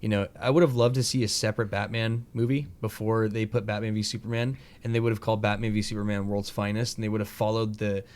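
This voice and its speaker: A man hosting a casual podcast, rambling through animated retellings of scenes, with lots of fillers and some swearing. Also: lowish voice, fast, few pauses. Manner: casual, profane, filler-heavy. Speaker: podcast host.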